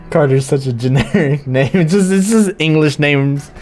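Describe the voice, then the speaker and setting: A man commentates live as he plays an indie game, talking casually and bluntly with the odd swear. His delivery is slow and laid-back. Faint game music sits behind his voice. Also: medium pitch, animated, darkish tone. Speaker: streamer playing indie games. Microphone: headset or desk mic, wears headphones.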